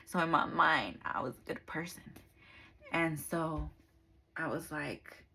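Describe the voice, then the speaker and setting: A woman's voice: sits low, slow, vocal fry, pushed and bright, husky, poor audio. A young woman telling her personal faith testimony in a casual, conversational way, full of fillers and acted-out dialogue. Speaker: speaker giving a personal testimony.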